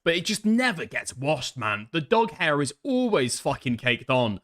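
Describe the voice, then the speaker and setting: A man's voice: fairly high pitch, very animated, moderate pace, a bit bright. Sardonic crude commentary man. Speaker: commentary host. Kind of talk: mocking commentary.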